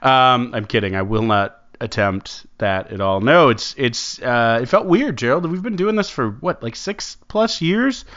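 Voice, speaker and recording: A man's voice: medium pitch, expressive, measured pace, few pauses, fairly bright tone, muffled recording. A man co-hosting a casual sports podcast, jokey and rambling. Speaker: podcast co-host.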